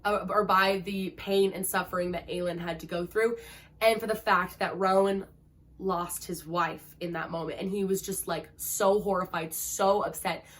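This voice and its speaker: A woman's voice: fairly low pitch, fairly even intonation, moderate pace, a bit bright. Gushing woman book vlogger. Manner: gushing and dramatic, heavy use of "like". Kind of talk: emotional book-review vlog.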